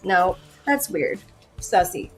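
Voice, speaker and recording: A woman's voice: lowish voice, big pitch swings, slow pace, faint music behind. Playful, teasing woman podcast co-host. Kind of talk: casual chat.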